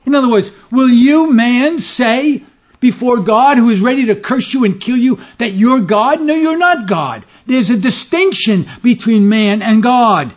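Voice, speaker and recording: A high-pitched man delivers an expository sermon, reading scripture in old formal wording and pressing hard on each key point. The recording is muffled and lo-fi, with the top end dulled. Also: lively intonation, measured pace. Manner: expository teaching, quoting scripture in formal King James phrasing; emphatic, stressing key words. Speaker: preacher.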